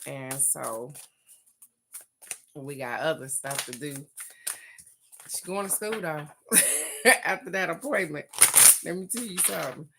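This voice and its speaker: In a creaky, low voice that is animated yet slow and full of pauses, an older woman hosts a folksy, casual chat about card readings, heard over a noisy background. She laughs a lot and stretches words for emphasis.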